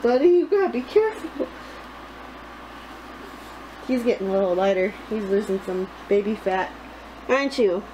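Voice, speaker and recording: A woman's voice: medium pitch, animated, normal speed, pauses often, warm tone. A woman vlogging at home, talking to her baby son in sing-song baby talk and laughing often. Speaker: vlogger and mother. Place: home, indoors. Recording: noisy home video.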